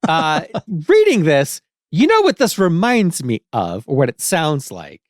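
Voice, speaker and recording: A man co-hosting a podcast, pitching a story idea and joking with the others. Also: huge pitch swings, measured pace, no echo, clean studio sound. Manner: laughs easily, swears casually. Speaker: podcast co-host. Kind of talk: casual chat.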